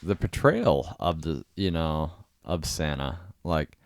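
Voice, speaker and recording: A man with a very low, smooth voice, co-hosting a casual podcast. He makes dry jokes and swears now and then. The sound is dry and close. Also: sing-song, takes it slowly, no room sound. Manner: joking, profane. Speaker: podcast co-host. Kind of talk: casual chat.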